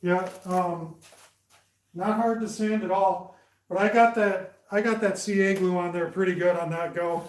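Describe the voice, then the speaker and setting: Higher-voiced man, chatty woodturner. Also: fairly even intonation, measured pace. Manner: chats with viewers by name, reads comments aloud. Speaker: woodturner streaming live. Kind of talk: casual livestream chat while working. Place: workshop with a lathe. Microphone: camera set up beside the lathe. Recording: roomy workshop echo.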